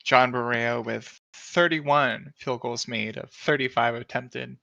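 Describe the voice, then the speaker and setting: A man co-hosting, dropping slow, casual remarks into the conversation. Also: mid-range voice, fairly even intonation, gravelly, bright, forceful tone, no room sound, muffled recording. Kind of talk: casual chat.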